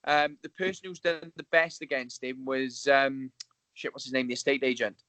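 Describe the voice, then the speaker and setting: Relaxed man with a dry, close voice. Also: mid-range voice, moderate pace, no echo, poor audio. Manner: relaxed, hesitant with many ums. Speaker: guest, MMA fighter. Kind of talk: casual podcast interview.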